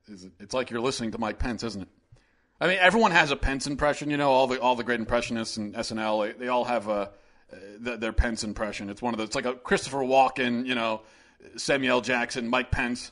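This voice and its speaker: A man hosting an opinion monologue, sarcastic and indignant, building up to loud rants. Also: medium pitch, brisk. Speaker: host.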